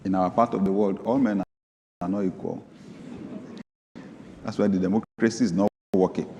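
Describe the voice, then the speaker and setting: A man preaching a sermon as pastor, reading scripture aloud, moving from low asides to sudden high, emphatic bursts. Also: fairly even intonation, normal speed, dark tone, dull audio, a little hiss or hum. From Nigeria. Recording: long hall reverb.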